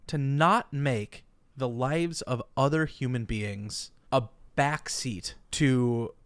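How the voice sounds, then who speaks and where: A man's voice: mid-range voice, slow, no room sound. A man co-hosting a casual comedic podcast, telling stories with animation and stammering restarts. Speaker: podcast co-host.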